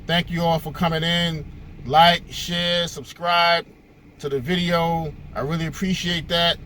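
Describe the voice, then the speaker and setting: A man's voice: a little high, flat delivery, measured pace, pushed and bright, a little hiss or hum. A male host giving a casual, conversational monologue, telling stories with frequent fillers.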